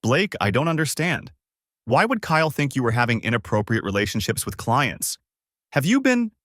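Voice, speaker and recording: A man's voice: mid-range voice, animated, fairly quick, no echo, clean studio sound, lightly acted. A man voicing a tense young woman who urgently reports what she sees, in an audiobook. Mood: feigned confusion. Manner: urgent, hushed play-by-play. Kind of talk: audiobook character voice.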